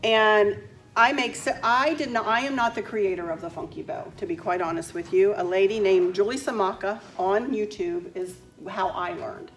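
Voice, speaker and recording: Woman crafting teacher, mid-pitched, chatty storyteller, addressing a group in a meeting room. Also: steady tone, normal speed, slight background noise. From Virginia, USA. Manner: chatty, warm storytelling with quoted exchanges. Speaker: crafting instructor. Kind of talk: friendly class talk to a group.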